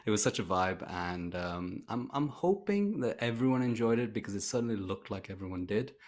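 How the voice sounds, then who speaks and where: A man's voice: fairly low pitch, animated, brisk, darkish tone. A man co-hosting a podcast in casual chat, enthusiastic and rambling with fillers. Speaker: podcast co-host.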